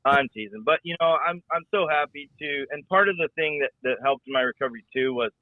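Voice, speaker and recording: A middle-aged man who once rode and announced rodeo talks on a casual podcast, folksy and rambling, repeating his words often. His voice is fairly high and fairly quick with no echo, carried over a tinny, phone-like line.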